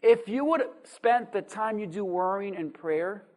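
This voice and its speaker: A pastor preaching a sermon with dynamic swings between loud emphasis and quiet asides, full of rhetorical questions and call-and-response. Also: mid-range voice, lively intonation, measured pace.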